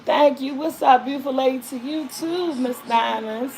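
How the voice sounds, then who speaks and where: With faint music behind her, a woman speaks at normal speed in a high voice that has a darkish tone. Hosting her own vlog, she chats loosely with viewers and reads their comments like a casual live stream, rambling, repeating herself, and calling them y'all.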